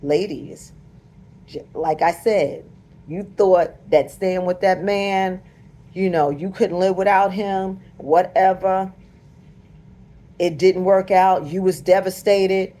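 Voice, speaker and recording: An American woman vlogger speaks directly to camera in casual commentary, her fairly low, warm voice holding a steady tone as she takes things slowly. Her delivery is emphatic and a bit preachy.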